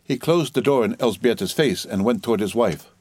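A man narrating a novel as a steady, dramatic audiobook reading, lightly voicing the dialogue. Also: medium pitch, a little fast, husky, no echo, clean studio sound.

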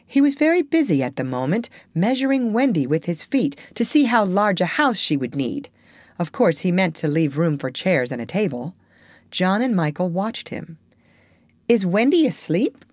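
A woman reading a children's storybook aloud in a gentle, expressive way. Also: on the low side, moderate pace, no echo. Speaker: audiobook narrator.

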